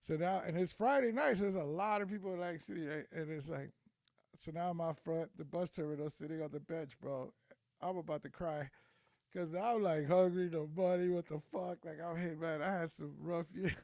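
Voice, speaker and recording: A man's voice: on the high side, brisk, a little mellow, no echo. A middle-aged man chatting as a podcast guest, telling a rambling story full of slang and swearing. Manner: slangy, profane, rambling with frequent "like" and "bro". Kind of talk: casual storytelling chat.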